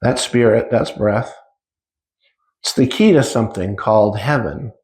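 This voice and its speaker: A man's voice: fairly low pitch, measured pace, darkish tone. A man in his fifties giving an informal spiritual talk to a live audience, speaking conversationally and acting out little dialogues. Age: 50s. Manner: conversational, acts out dialogue with shifting speed. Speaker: spiritual teacher. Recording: roomy echo.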